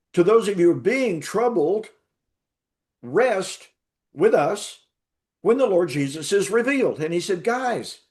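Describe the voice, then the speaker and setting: A man's voice: on the high side, darkish tone. A man telling his story as an interview guest and Bible teacher, emphatic, repeating words for stress.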